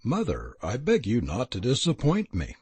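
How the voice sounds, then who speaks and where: A man reading a storybook, voicing a compassionate young fairy prince who speaks gently and earnestly, with a husky voice. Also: medium pitch, huge pitch swings, normal speed, no room sound, heavily acted. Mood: gentle.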